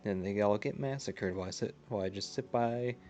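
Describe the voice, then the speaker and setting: Chatty low-voiced man streaming a game. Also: a little fast, darkish tone, slight background noise. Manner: chatty, laughs often, reads chat aloud. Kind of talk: casual live-stream commentary.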